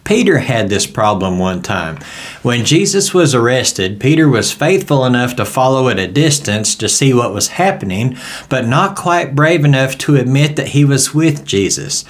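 A man's voice: mid-range voice, expressive, normal speed. A man with a Southern US accent leading a verse-by-verse Bible study in a folksy, conversational storytelling way.

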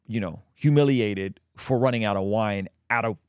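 A man hosting a Christian reaction commentary, animated and quick to laugh, explaining and reading Bible passages into a close mic. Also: lowish voice, clear, resonant tone, no echo. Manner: animated, bursts into laughter, reads scripture aloud.

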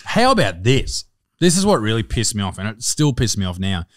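A man's voice: lowish voice, sing-song, a little fast, dry recording, clean studio sound. A man with an Australian accent hosting a podcast, telling stories in a sweary, ranting way. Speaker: podcast host. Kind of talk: casual podcast banter.

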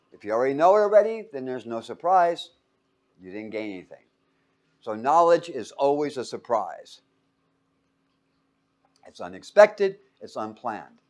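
A man's voice: mid-range voice, unhurried, pauses often. A man teaching a class in a lecture style, quizzing students with fill-in-the-blank questions and acting out quotes in little voices. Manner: animated, acts out quotes in voices.

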